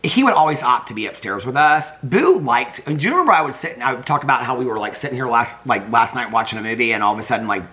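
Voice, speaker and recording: A man's voice: mid-range voice, animated, quick pace, few pauses, pushed and bright. Doting man chatting to his dogs. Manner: doting baby talk to his dogs, rambling asides. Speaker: vlogger. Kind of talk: casual daily vlog. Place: home, indoors.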